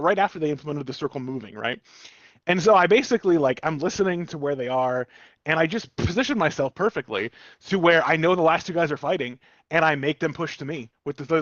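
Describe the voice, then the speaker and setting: Streamer guy, higher voice, swears a lot, dull dry lo-fi mic. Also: dry recording. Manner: swearing animated storyteller. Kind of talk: casual gaming chat.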